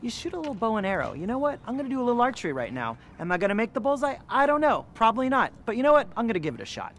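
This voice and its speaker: A male interviewer asking playful questions, excitable and quick to swear when surprised. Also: very high voice. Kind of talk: casual entertainment interview. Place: outdoors at a castle in Scotland.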